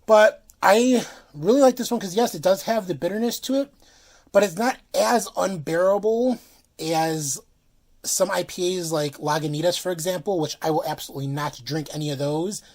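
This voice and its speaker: A man's voice: high-pitched, moderate pace, a little mellow. Casual male beer reviewer, frank, loose delivery. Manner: casual, frank, many fillers, swears.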